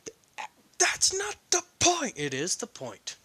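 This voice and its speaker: A man's voice: high-pitched, animated, unhurried, a bit bright, pitched above the performer's own voice. A man voicing a stern but caring young woman who lectures her partner firmly. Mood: scolding. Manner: firm lecturing, scolding.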